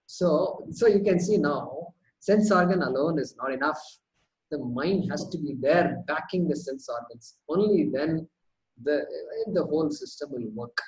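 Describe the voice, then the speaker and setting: A man leading a question-and-answer teaching session, lively, with lots of rhetorical questions and repeated words as he works through a point. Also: on the high side, unhurried, poor audio. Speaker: spiritual teacher.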